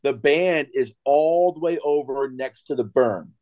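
A man on a podcast crew telling a story in an animated way, often checking in with his listeners. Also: medium pitch, a little slow. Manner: animated, keeps checking in with "right?". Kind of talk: casual storytelling.

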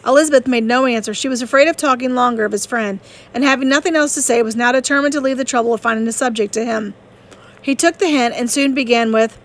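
A woman narrating a classic novel as an audiobook reader, steady and measured. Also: fairly high pitch.

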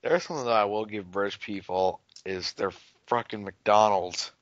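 A man's voice: lowish voice, steady tone, moderate pace, no room sound. A young American man co-hosting a gaming podcast, joking around, exclaiming and playfully crude. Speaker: podcast co-host. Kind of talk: casual chat. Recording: dull, dry home recording.

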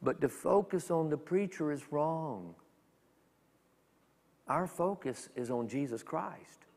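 A man preaching a sermon as a minister, talking in a conversational, animated way with quick acted asides. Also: fairly high pitch, vocal fry, long reverb tail. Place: church sanctuary.

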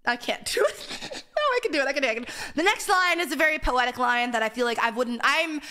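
A woman's voice: high voice, animated, quick pace, sharp tone. A woman streamer chatting casually in a giggly, playful, joking way. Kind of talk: casual chat.

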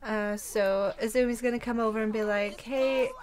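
A woman's voice: medium pitch, flat delivery, brisk, a crowd in the background. A young woman hosting a gaming channel, chatting casually through a life-sim playthrough and laughing easily. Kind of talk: casual let's-play narration.

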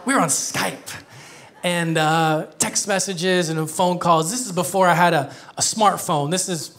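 A man's voice: sits high, measured pace, a bit bright. A man in his thirties preaching a conversational sermon as a pastor, joking and laughing often. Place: church.

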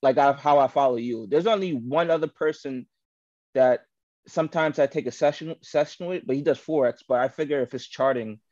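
Speaking briskly in a mid-range, darkish voice, a Queens, New York man calls into a live show as a guest. He answers the casual interview questions hesitantly, full of fillers, and the call audio is dull and lo-fi.

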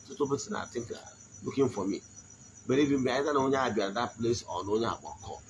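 A man giving a spiritual teaching in a slow, deliberate voice, often asking his listeners if they follow. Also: mid-range voice, slight background noise, rough recording. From Nigeria. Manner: switches between Igbo and English, frequent check-ins. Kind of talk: spoken teaching.

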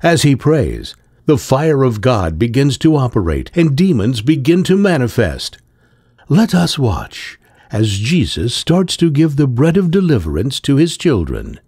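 A man's voice: medium pitch, sing-song, darkish tone, husky, no echo, studio quality. Man narrating a church video. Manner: measured, announcing. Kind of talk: scripted narration.

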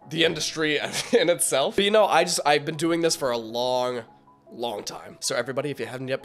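A slightly hoarse man giving casual, rambling, enthusiastic commentary as a reaction video host. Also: mid-range voice, fairly bright tone. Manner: rambling, filler-heavy, enthusiastic.

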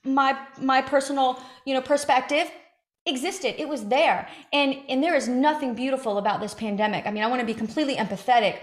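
A woman interviewer with a high, bright-pitched voice, talking fast and earnestly. She is recorded in an echoey room. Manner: fast, earnest, many fillers and restarts.

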